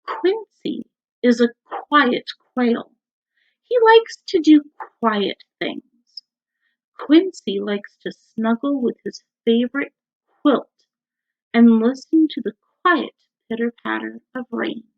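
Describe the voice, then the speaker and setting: Woman teacher reading a kids' book slow and sing-songy, high voice, kinda dull lo-fi audio. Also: creaky. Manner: slow, animated, asks the children questions. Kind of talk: reading a picture book aloud to young children. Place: home. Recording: dull lo-fi recording.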